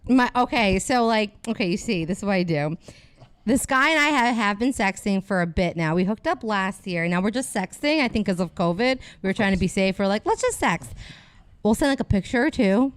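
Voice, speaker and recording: A woman's voice: medium pitch, expressive, a little fast, smooth, dry recording. A woman comedian guest in casual podcast chat, bold and self-assured, laughing often.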